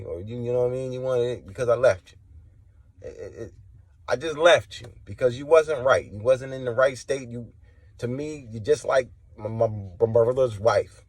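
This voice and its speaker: A man delivers a fervent, preachy testimony straight at his listeners, confrontational throughout. His voice sits in a middle register and jumps between low, quiet stretches and loud, high outbursts. The sound is close and dry, with no room around it. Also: dry recording. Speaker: religious testimony vlogger. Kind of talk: impassioned spoken testimony.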